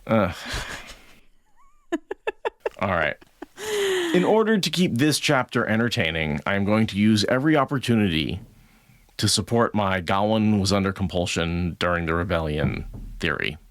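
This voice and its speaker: A man's voice: on the low side, very animated, moderate pace, pauses often, no echo, studio quality. A man co-hosting a book podcast, chatting playfully and laughing often, then reading passages aloud from a novel. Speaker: podcast co-host.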